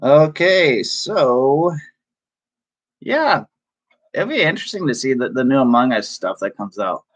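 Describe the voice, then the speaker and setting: A man chatting casually on a live stream from his room, excitable and chatty, laughing often. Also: mid-range voice, a little slow, pauses often. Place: home room.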